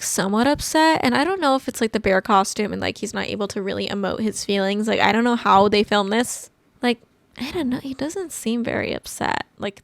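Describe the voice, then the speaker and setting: A woman casually recapping and reviewing a movie, rambling and chatty with lots of "like" and animated, exclamatory asides. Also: fairly high pitch, vocal fry, no room sound. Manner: chatty, rambling, heavy use of "like".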